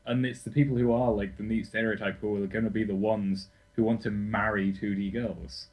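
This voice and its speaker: A man's voice: fairly low pitch, flat delivery, a little fast, darkish tone, low-quality recording. A young man co-hosting a podcast in casual, sweary, self-correcting chat. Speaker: podcast co-host.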